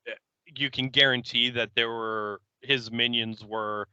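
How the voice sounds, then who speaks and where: A man co-hosting a podcast, talking in a wry, deadpan way with mock-formal phrasing. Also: medium pitch, clean tone, no echo, dull audio. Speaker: podcast co-host. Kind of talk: casual chat.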